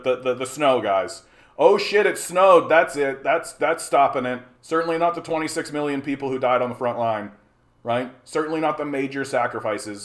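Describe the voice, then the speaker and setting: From his home streaming setup, a Canadian livestream host angrily rants at his live chat, heated and mocking, swearing at a steady clip. His pitch stays in an ordinary middle range, and as his anger builds he keeps tripping over and repeating words.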